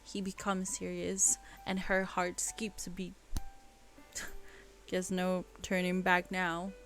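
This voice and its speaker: Slow, giggly woman reading her story. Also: on the low side, monotone, a bit bright, faint music behind. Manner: laughs and breaks off to comment. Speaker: reader of her own story. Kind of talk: casual live reading of a story.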